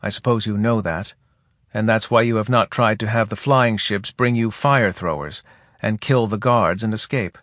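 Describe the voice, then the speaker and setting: A man voicing a calm, grave alien native leader who speaks softly with a slight singing lilt. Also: on the low side, no room sound, studio quality, close to an everyday voice. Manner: soft, measured, faintly singing speech. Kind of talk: audiobook character reading.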